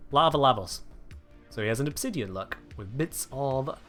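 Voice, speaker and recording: A man's voice: mid-range voice, expressive, normal speed, fairly bright tone, soft background music. A British man chatting casually with his viewers on a game live stream, answering chat with wry humor. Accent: British English. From United Kingdom.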